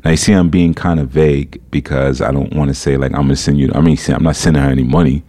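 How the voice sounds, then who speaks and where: Very deep-voiced man telling a story. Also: fast. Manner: animated, incredulous storytelling with laughs. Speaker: podcast host. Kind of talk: casual podcast monologue.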